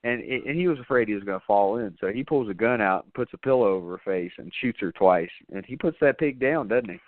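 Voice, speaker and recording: A man's voice: lowish voice, lively intonation, quick pace, no echo. Rambling, profane man on a tinny podcast line. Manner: loose, rambling, profane, with frequent fillers. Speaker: podcast host. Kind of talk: casual podcast movie chat.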